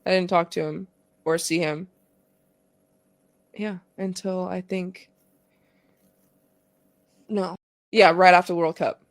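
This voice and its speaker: A woman's voice: lowish voice, fairly even intonation, slow, long pauses, dry recording. A woman in her twenties, a pro athlete guest on a podcast, telling a personal story candidly with lots of "like" and swearing. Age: 20s. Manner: candid, profane, fillers of "like", emotional retelling. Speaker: guest, pro soccer player.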